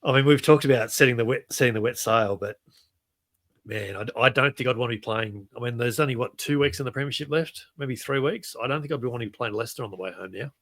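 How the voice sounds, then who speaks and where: A man's voice: medium pitch, fast. A man co-hosting a rugby podcast, chatting casually and running through results with frequent restarts. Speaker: podcast co-host.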